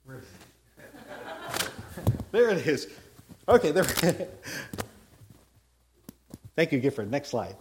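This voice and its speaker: A man's voice: a little high, takes it slowly, pauses often. A man preaching a sermon, telling a Bible story in a folksy way, acting out the dialogue and checking in with his listeners. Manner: animated storytelling, acts out biblical dialogue; folksy asides and repeated "okay?". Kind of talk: sermon with slides.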